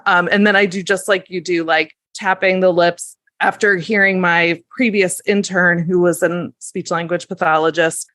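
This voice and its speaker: A lactation consultant woman talks shop on a podcast, her voice sitting on the low side. She is chatty and self-deprecating, full of fillers. The sound is dry and close. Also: fairly bright tone, dry recording. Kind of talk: casual podcast chat.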